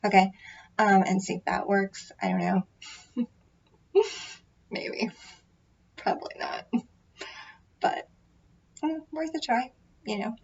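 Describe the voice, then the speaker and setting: A woman's voice: mid-range voice, gravelly, a little mellow, slightly rough, muffled recording. A woman tarot reader in casual chat, rambling and sometimes dropping into a whisper. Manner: rambling, drops into whispers at times.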